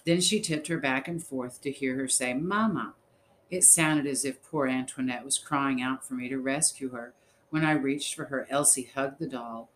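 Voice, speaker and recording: A man narrating a story in the first person, reading in a measured, steady way. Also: mid-range voice, slight background noise, rough recording. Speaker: audiobook narrator.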